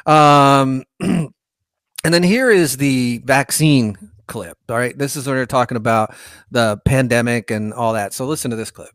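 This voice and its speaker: A man's voice: mid-range voice, normal speed, no room sound, clean studio sound. A male podcast host giving frustrated, rambling political commentary.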